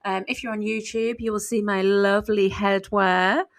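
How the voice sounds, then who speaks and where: A woman's voice: mid-range voice, level tone, moderate pace, poor audio. Woman, 40s, author co-host; candid, reflective podcast chat, lots of "you know"s.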